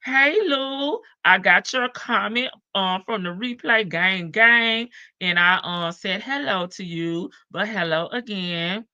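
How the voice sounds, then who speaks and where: Older woman, live stream host, slow easy talk, bright tone, dull lo-fi audio. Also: mid-range voice, clean tone, no room sound. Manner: greets viewers one by one, drawn-out hellos, laughs often. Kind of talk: casual live stream chat.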